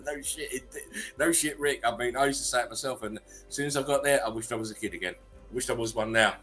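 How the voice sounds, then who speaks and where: A man's voice: mid-range voice, fast talker, fairly bright tone, faint music behind. A man casually reading memes aloud as host, laughing often between them.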